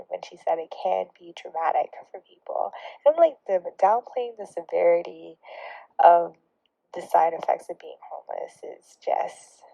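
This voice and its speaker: A woman's voice: on the low side, gravelly, no echo. A young woman vlogger telling a story in a casual, sarcastic way, laughing and dropping into whispered asides. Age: young adult. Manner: drops into hushed, whispery remarks. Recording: dry, dull lo-fi recording.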